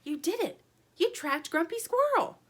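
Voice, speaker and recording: A woman reading aloud voices an excitable little chick who sounds eager and easily amazed. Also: very high-pitched, normal speed, pitched above the performer's own voice.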